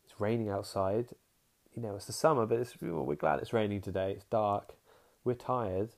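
A man's voice: lowish voice, moderate pace, vocal fry. A young man hosting a casual podcast monologue, rambling frankly, trailing off and restarting his sentences. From England. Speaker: podcast host.

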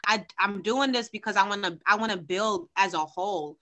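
A woman's voice: medium pitch, moderate pace, sharp tone. A woman guest on a podcast, chatting casually and animatedly, acting out quotes as she tells stories.

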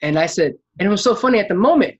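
A man telling a story in a casual chat, animated and acting out what people said. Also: sits high, rapid-fire, husky. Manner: animated storyteller, acts out quotes, laughs while telling. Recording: dull lo-fi sound.

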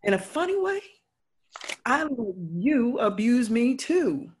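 A woman's voice: a little high, very animated, takes it slowly, slight background noise. A woman playing a remorseful, motherly friend who confesses a wrong in earnest, heartfelt words in a stage play. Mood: confessing, earnest.

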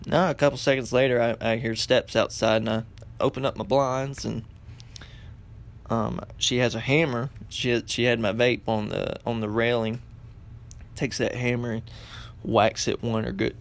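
A man's voice: medium pitch, vocal fry. A young man telling a funny story in a rambling way, with lots of fillers and restarts. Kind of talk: casual comedic storytelling.

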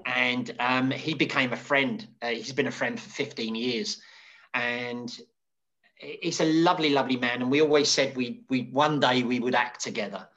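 Chatty hairdresser telling stories. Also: male voice, normal speed, highs cut off. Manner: animated, acts out quoted voices with sudden high pitch; rambling, many restarts and fillers. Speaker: hairdresser, interview guest. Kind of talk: casual storytelling.

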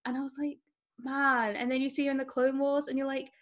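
Excitable, chatty woman. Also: high-pitched, brisk, slight background noise. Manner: excited, laughing often, chatty. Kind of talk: casual chat about a film.

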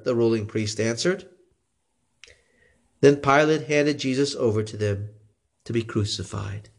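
A man reading scripture aloud in a slow, expressive way. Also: mid-range voice. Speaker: scripture reader.

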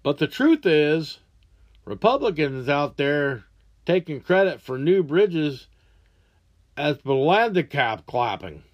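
A podcast host with a drawl rants about whatever angers him, swearing hard and often. His voice sits a little high for a man, and his talk is crude and heated. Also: very animated, takes it slowly, dull audio. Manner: crude, angry, ranting with heavy swearing. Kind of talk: profane rant monologue.

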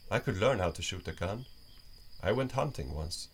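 A man's voice: fairly low pitch, expressive, normal speed, a little hiss or hum. A man voicing a frightened, naive young woman in a storybook reading, asking hesitant, trembling questions. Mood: unsure.

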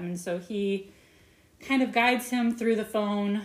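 A woman co-hosting a podcast, retelling a movie in casual, profane chat full of tangents and quick mock voices. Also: medium pitch, reverberant. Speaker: podcast co-host.

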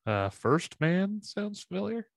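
A man co-hosting a podcast, answering trivia questions in a relaxed way, laughing easily and swearing mildly. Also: high-pitched, a little slow, creaky. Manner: laid-back, laughs easily, mild swearing. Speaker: podcast co-host and quiz contestant. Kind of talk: casual chat.

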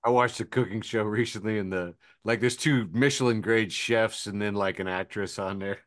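A man's voice: lowish voice, fairly even intonation, normal speed. A man co-hosting a casual podcast, tossing in dry, wisecracking asides. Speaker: podcast co-host. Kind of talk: casual chat.

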